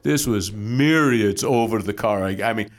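A middle-aged man, a pastor, telling a personal testimony as an animated storyteller with quick asides. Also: lowish voice.

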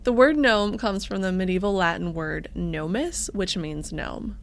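A woman's voice: medium pitch, unhurried, creaky. A woman co-hosting a podcast, chatting casually and jokingly as she tells stories. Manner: joking, storytelling, laughs often. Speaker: podcast co-host.

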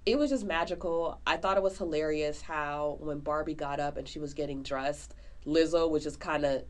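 Woman co-host, slightly low voice; casual, animated movie-review chatter. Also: normal speed. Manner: chatty, animated, lots of fillers. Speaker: podcast co-host.

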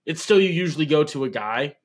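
A man from Nebraska with a fairly high voice, trading easy banter as a podcast co-host. He talks in a loose, joking way and often makes fun of himself. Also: animated, brisk. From Nebraska, USA. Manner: joking, self-deprecating. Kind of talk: casual basketball podcast chat.

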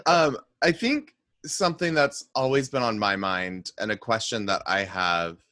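A man's voice: on the low side, lively intonation, pushed and bright, no echo, studio quality. A man hosting a podcast who asks questions in an easygoing way and laughs along with his guest. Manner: laid-back, unhurried, laughs along. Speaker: podcast host. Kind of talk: interviewer.

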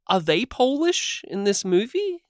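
A man's voice: sits high, very animated, unhurried, no room sound, clean studio sound. A man co-hosting a film podcast, playful and bantering in casual chat. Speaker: podcast co-host.

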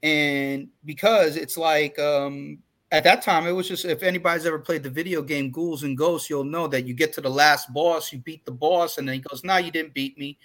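A podcast co-host in his forties chats candidly and casually, his words looping through restarts and asides with hardly any pauses. His voice is bright, steady in tone and a touch high for a man, at a normal speed with a loose, conversational delivery.

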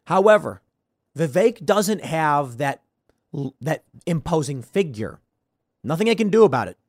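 A man hosting a podcast, giving casual political commentary with an animated, sarcastic delivery that swings between loud bursts and mumbled asides. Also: fairly high pitch, unhurried, no room sound, clean studio sound. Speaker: podcast host.

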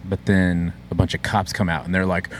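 A man from Texas in casual chat, telling loose stories and slipping into loud goofy impressions. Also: low voice, little pitch movement, brisk, slight background noise.

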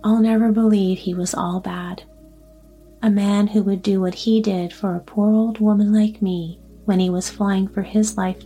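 A woman's voice: mid-range voice, close to an everyday voice. A woman voicing a kindly, fretful old grandmother in a storybook reading. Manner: fussing, soft-hearted.

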